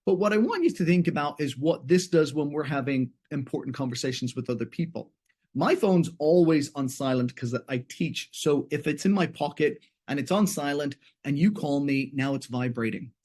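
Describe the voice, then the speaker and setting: Animated man giving a training talk. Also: a little high, normal speed. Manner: animated, acts out dialogue in different voices. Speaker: webinar presenter, law teacher. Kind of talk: conversational training talk with acted examples.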